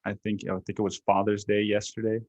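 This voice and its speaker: A man's voice: lowish voice, flat delivery, a little fast, darkish tone, no echo, highs cut off. A man hosting a solo podcast, talking casually in a rambling, profane way full of fillers and restarts. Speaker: podcast host.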